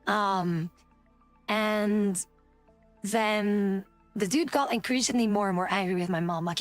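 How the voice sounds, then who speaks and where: Woman streamer chatting to viewers; loose, rambling delivery full of fillers, soft music under her. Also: medium pitch, takes it slowly, long pauses. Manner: rambling, many fillers and restarts. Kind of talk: casual storytelling to chat.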